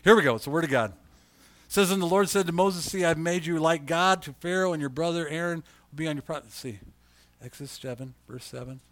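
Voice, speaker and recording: Pastor, male, fairly high voice, talky sermon, reads scripture aloud and gets loud on key points. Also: a little fast, no room sound. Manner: conversational preaching, rising to loud emphasis, reads scripture aloud.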